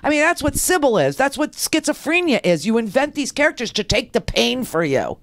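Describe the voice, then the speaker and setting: A woman's voice: a little high, sing-song, moderate pace, hardly any pauses, dry recording, clean studio sound. Indignant woman radio host. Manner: indignant, sarcastic. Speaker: radio talk show host. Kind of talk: political commentary.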